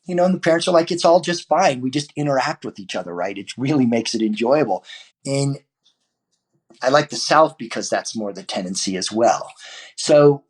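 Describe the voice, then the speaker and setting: A man with a husky, slightly rough voice speaks as a guest on a podcast. He rambles casually, restarting sentences and leaning on fillers. His pitch sits in an ordinary middle range for a man. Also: lively intonation, moderate pace. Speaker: martial arts teacher.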